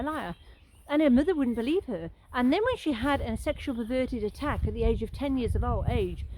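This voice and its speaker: A woman's voice: on the high side, warm tone, poor audio. A middle-aged woman sharing a Christian testimony in a casual live stream, earnest and rambling, often restarting her sentences. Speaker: Christian vlogger sharing encouragement.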